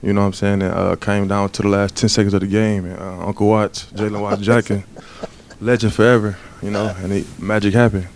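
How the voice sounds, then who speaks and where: A man in his twenties, a former college football player on a panel, recalling a game in a relaxed, laid-back way. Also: fairly low pitch, brisk, slight background noise. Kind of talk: casual storytelling.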